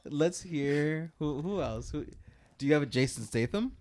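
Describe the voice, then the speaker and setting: A man's voice: a little high, lively intonation, moderate pace, darkish tone, no room sound. A man hosting a casual chat, laughing often and prodding his friends to try impressions.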